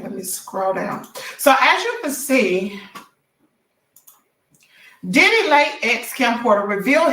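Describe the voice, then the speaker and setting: A woman with a hoarse, bright, sharp-edged voice chats casually through a gossip livestream, calling out to her viewers as she goes. She sits a little back from the mic. The room around her rings with echo. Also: a little high, far from the mic. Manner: chatty, addresses viewers directly as y'all. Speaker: celebrity gossip livestream host.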